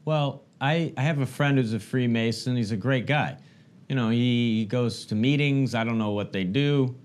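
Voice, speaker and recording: A man's voice: medium pitch, normal speed, darkish tone, clean tone. A man hosting an interview, asking casual, probing questions. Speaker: interview host.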